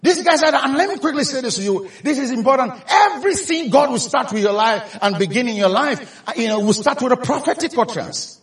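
A Nigerian man preaches with a strikingly high, bouncing voice that climbs into shouts when he drives a point home. He is caught from a distance, and the hall rings with echo around him. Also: a little fast, few pauses. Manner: animated storytelling, rising to shouts for emphasis. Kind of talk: sermon.

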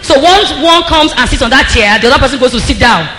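Woman preacher, really high sharp voice, lively and laughing, echoey church hall. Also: fast, slight background noise. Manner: lively, laughing, calls out to the crowd. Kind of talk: sermon on marriage.

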